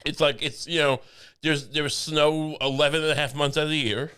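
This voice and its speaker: A man's voice: fairly high pitch, steady tone, moderate pace, bright, forceful tone, clean tone. A young man co-hosting a comedy podcast, joking and rambling with lots of restarts. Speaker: podcast co-host. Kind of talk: casual comedic chat.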